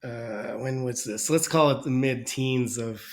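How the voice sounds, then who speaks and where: A man's voice: medium pitch, a little slow. Man with a stuffy, nasal voice. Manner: rambling, self-correcting storyteller. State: stuffy nose from a cold. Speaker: podcast guest. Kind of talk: casual interview chat.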